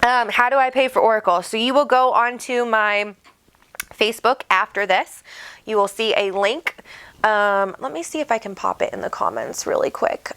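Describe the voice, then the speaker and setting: Woman host, chatty livestream, bubbly and warm toward viewers, home mic. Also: on the high side, moderate pace, clean tone. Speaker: psychic medium host. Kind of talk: casual livestream chat. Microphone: desk microphone.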